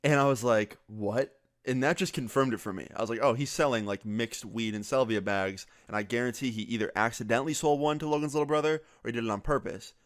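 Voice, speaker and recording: A man's voice: mid-range voice, no echo. Young man telling a story, dry close sound. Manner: animated, quotes friends in quick back-and-forth, many "like" fillers. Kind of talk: casual storytelling.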